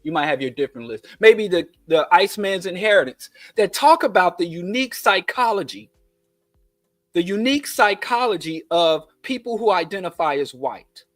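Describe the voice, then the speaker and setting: High-voiced man with a Kansas City twang. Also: lively intonation, moderate pace, fairly bright tone, dry recording, clean studio sound, faint music behind. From Kansas City, USA. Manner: digressive, conversational asides, emphatic lists. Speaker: show host. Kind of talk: political commentary monologue.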